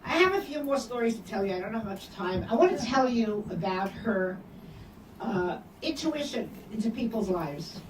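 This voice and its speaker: An older woman telling personal memories to an audience, animated, acting out the voices in her quoted dialogue. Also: fairly high pitch, normal speed. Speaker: speaker sharing memories. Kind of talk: personal storytelling talk. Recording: echoey room from far off, noisy.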